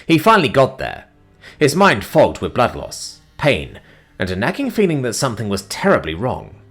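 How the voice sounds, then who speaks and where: A man narrating a science fiction story in a dramatic, expressive manner. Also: mid-range voice, moderate pace, slightly rough, faint music behind.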